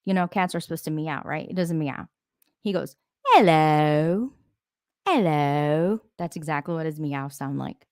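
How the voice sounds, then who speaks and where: A woman's voice: sits low, steady tone, fairly quick, a little mellow, dry recording, clean studio sound. A woman hosting a casual live stream, talking to viewers, answering their comments and laughing often. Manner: laughs often, rambling asides.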